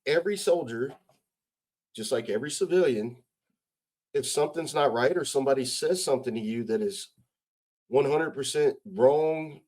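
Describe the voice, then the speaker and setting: A middle-aged retired sergeant major from the United States guests on a casual interview, cursing heavily and speaking bluntly. He leans on rhetorical questions to press his arguments. His medium-pitched, darkish voice moves at a moderate pace with long pauses.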